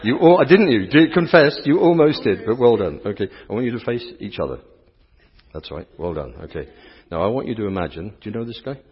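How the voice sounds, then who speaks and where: A middle-aged priest from England, his voice fairly low, expressive, brisk, and slightly rough, gives a playful, interactive sermon in a church. He teases his volunteers and chats with the congregation, and the lo-fi recording sounds dull, with a long church reverb.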